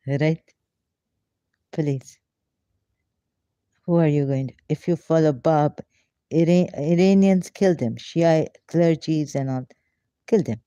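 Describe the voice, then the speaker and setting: A very dark, mellow-voiced man speaks slowly and haltingly, with non-native English phrasing. He reads a prayer, repeats chanted phrases, and breaks off to comment and mock himself. The recording is dull and lo-fi with no room echo. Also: a little high, clear, resonant tone. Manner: non-native English phrasing, frequent laughter and self-mockery. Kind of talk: reading a prayer aloud with mocking commentary.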